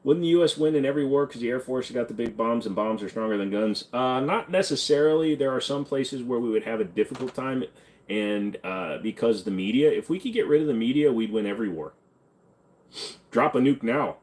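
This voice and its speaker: A man's voice: mid-range voice, lively intonation, quick pace, a little mellow. A man hosting a live stream, answering chat questions in a blunt, offhand, casual way. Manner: blunt, offhand, hums and sings snippets between questions.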